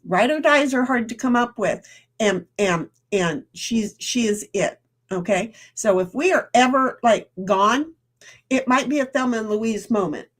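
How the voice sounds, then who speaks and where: Casual streamer woman, high voice, rambling chat, reads comments out, eats while talking. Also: lively intonation, a little slow. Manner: talks while eating.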